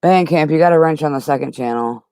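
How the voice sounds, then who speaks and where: A man's voice: fairly high pitch, quick pace, darkish tone, clean tone, dry recording. A man hosting a livestream, arguing with chat in a heated, profane, casual way. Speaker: livestream host.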